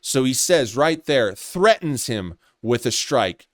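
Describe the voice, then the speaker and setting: A man's voice: mid-range voice, big pitch swings, slow pace, few pauses, dry recording, studio quality. A man delivering a contemptuous, accusatory commentary rant, swearing as he goes. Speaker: commentary vlogger. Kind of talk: ranting commentary.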